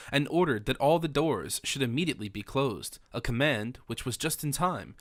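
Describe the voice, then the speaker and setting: A man narrating a classic novel audiobook in a measured, formal way. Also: mid-range voice, fairly bright tone.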